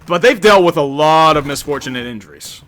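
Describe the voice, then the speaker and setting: A man's voice: fairly high pitch, lively intonation, a bit bright. A young man streaming a game, answering chat in a rambling, sarcastic, joking way. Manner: rambling, sarcastic, quick to joke. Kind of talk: casual live-stream chat over gameplay.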